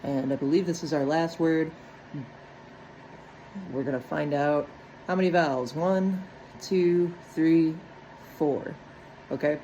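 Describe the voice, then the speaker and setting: A woman's voice: low voice, steady tone, slow pace, pauses often, warm tone, slight background noise, low-quality recording. A woman walking step by step through a phonics lesson on breaking words into syllables, checking in often with "right?". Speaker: teacher.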